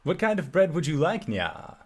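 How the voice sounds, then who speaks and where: Guy doing a fussy little tavern chef, higher voice, says nya after everything, tabletop game bit. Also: wildly swooping pitch, normal speed, heavily acted. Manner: tacks a purring "nya" onto his sentences.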